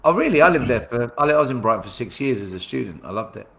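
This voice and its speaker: A man's voice: medium pitch, big pitch swings, racing, creaky, a bit bright. A man hosting a football fan livestream, chatting casually and reading out viewer comments with playful banter. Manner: hype-man introductions, banter. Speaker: host of fan watchalong show. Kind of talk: casual chat with live chat readers.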